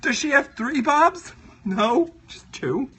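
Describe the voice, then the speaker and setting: A man's voice: very high voice, animated, slow, fairly bright tone, a little hiss or hum. A man hosting a casual drawing livestream, joking and laughing often as he chats with viewers. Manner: giggly, playful, laughs often. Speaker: livestream host.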